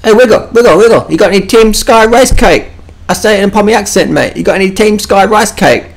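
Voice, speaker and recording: A man voicing a frantic, starving male pro cyclist who pleads and shouts for carbs. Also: sits high, fast talker, pitched above the performer's own voice. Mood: frantic begging.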